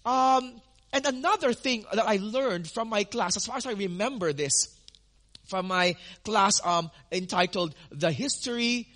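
A man's voice: sits high, a little slow, fairly bright tone. A male pastor teaching a sermon in an earnest way, repeating words for emphasis with frequent ums and restarts.

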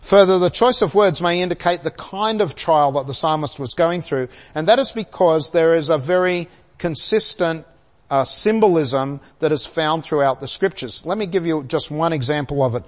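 An older man delivers a sermon in a fairly high voice, weaving a personal story into scripture. He chuckles now and then and asks his congregation questions, and his words ring out with a long hall reverb. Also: normal speed. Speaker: preacher.

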